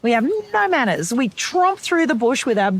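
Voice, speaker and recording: Australian woman, guest in casual chat, animated explainer, slightly high pitch. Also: normal speed. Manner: animated explainer who imitates bird calls. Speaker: podcast guest, wilderness survivor.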